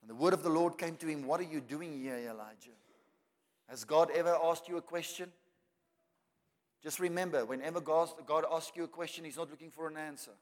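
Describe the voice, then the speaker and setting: A man preaching a sermon, swinging between loud climaxes and quiet asides. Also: on the high side, brisk. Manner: dramatic preaching with rising shouts and soft drops. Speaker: pastor. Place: church hall. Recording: long hall reverb.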